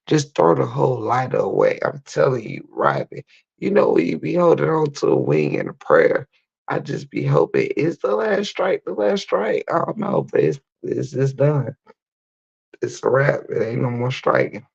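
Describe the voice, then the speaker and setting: A livestream host with a hoarse, nearly gone voice, half-whispering in a casual late-night chat. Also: mid-range voice, highs cut off. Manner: half-whispering, drawn-out and laid-back.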